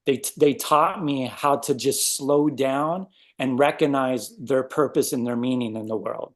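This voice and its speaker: A man casually telling a personal story as a guest, animated and acting out his own reactions. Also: medium pitch.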